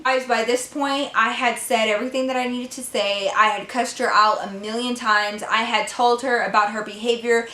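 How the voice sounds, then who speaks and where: A woman in her twenties telling a storytime vlog, profane and animated, talking straight to her viewers. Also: fairly high pitch, moderate pace, hardly any pauses. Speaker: vlogger. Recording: echoey room.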